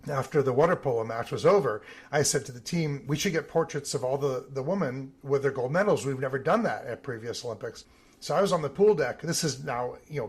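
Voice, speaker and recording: A man, an Olympic team photographer, telling lively stories in a podcast interview and acting out the voices of the people he quotes. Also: mid-range voice, breathy edge. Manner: animated storyteller, acts out quoted voices.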